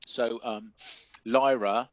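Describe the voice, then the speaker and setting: A man's voice: medium pitch, fairly even intonation, slow, dry recording, dull audio. A man with an English accent teaching a literature class, explaining in a hesitant way with many fillers. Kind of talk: classroom lecture and discussion.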